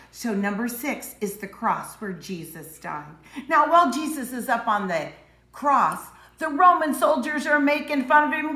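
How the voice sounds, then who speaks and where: A woman teaching preschoolers, telling a Bible story with dramatic voices and hushed moments. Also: a little high, very animated, normal speed, reverberant. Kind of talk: Bible story lesson for young children.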